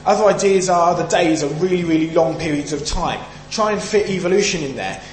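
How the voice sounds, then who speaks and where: A man from the UK delivers an emphatic sermon, often throwing questions out to his listeners. His voice sits a little high for a man. The sound is roomy and echoey, with a faint hum underneath. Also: fairly quick. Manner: emphatic, asks the audience questions. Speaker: preacher.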